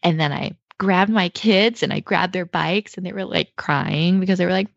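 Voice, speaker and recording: Low, gravelly-voiced woman telling a story. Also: normal speed, hardly any pauses, no room sound. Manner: heavy use of fillers like "like" and "you know"; emotional, animated retelling. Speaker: mother telling a personal story. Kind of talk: casual personal storytelling. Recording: dull lo-fi dry recording.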